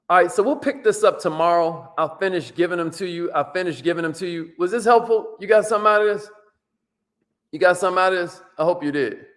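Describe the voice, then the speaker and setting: A man giving an energetic, preachy motivational talk in casual slang, his pitch swinging up and down. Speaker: motivational speaker.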